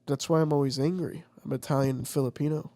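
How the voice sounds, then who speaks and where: Gravelly, profane man telling stories. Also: fairly high pitch, fast talker. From United States. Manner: profane, rambling, animated storytelling. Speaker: vlogger. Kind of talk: casual chat.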